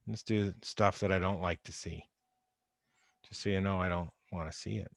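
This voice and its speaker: A man's voice: low-pitched, fairly even intonation, normal speed, creaky, dry recording, studio quality. A man teaching an online chemistry lecture in a conversational way, repeating key points and stressing warnings. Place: home or office on a video call. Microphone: computer microphone.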